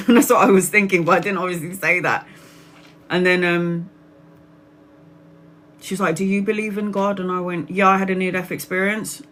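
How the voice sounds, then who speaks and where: Bright-voiced chatty woman livestreamer. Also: lowish voice, fairly even intonation, normal speed, long pauses. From Brazil. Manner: chatty, laughs often, acts out quoted voices. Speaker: tarot reader livestreamer. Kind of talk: casual personal storytelling.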